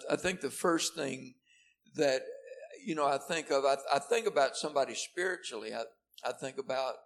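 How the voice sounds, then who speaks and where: Pastor, male, gravelly, preaching to a church, loud then hushed, repeats words for emphasis. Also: medium pitch. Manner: preaching with sharp swings between loud and hushed; repeats and restarts words when stressing a point. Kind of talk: sermon. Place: church service before a seated congregation.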